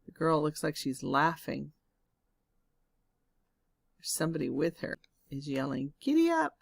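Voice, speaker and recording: A woman reading a picture book aloud to children, pausing to ask them questions. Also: low-pitched, little pitch movement, vocal fry, slightly rough, no room sound. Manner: asks the listening children questions. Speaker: storybook reader. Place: home, during lockdown.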